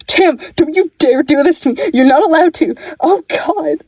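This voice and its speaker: A woman's voice: sits high, fairly quick, darkish tone, dry recording, voice pushed up, close to an everyday voice. A woman voicing a young man who pleads with his dying brother, breaking down and close to tears. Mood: desperate pleading. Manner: desperate, breaking, tearful pleading.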